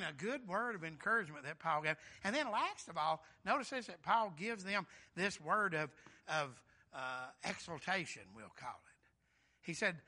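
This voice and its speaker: An older man preaching a sermon, rising to shouts and dropping to a soft, quiet voice for his story. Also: on the high side. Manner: swells to shouting when excited, drops soft and quiet for personal story.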